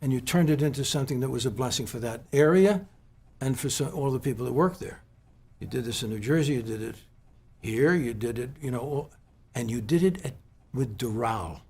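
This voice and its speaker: A man from the West Coast of the US interviewing a guest at a golf club, speaking haltingly with many restarts and fillers. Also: mid-range voice, animated, darkish tone, husky. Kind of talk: heartfelt conversational tribute.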